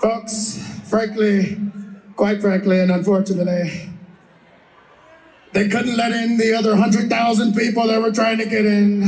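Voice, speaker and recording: A man's voice: high-pitched, flat delivery, a little slow, long pauses, a little mellow, a little hiss or hum. A man impersonating a boastful older politician, speaking in rambling rally-style patter at a party, in an echoey room with a crowd behind him.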